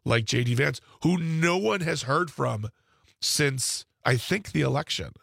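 A man's voice: a little high, animated, a little slow, creaky, fairly bright tone, no room sound, studio quality. A man discussing politics in a casual back-and-forth with a co-host, talking conversationally with frequent restarts and asides. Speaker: political commentator.

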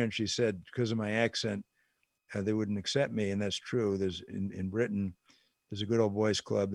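A man's voice: on the low side, darkish tone, no echo. Man giving dry political commentary. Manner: conversational, repeats phrases for emphasis.

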